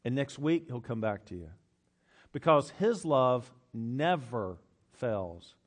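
A man's voice: medium pitch, lively intonation, slow pace. A male pastor preaching a sermon, emphatic, repeating phrases for effect and laughing often.

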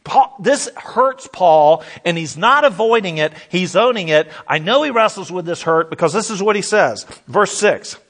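A middle-aged man preaching a sermon as pastor, animated and repetitive, asking the audience questions. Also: sits high, moderate pace, few pauses.

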